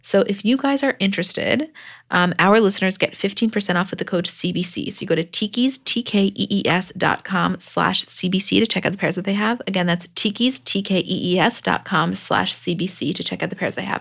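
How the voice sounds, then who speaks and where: A woman's voice: mid-range voice, fairly quick, creaky, fairly bright tone. A woman co-hosting a podcast, chatty and casual, recapping with fillers and laughs. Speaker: podcast co-host. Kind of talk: casual chat and ad read.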